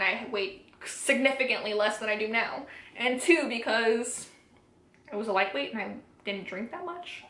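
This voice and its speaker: A young woman speaks straight to camera, candidly recounting a personal story and acting out the lines of the people in it. Her voice sits fairly high. The room around her rings with a noticeable echo. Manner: candid, animated retelling with quoted dialogue. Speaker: vlogger. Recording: echoey room.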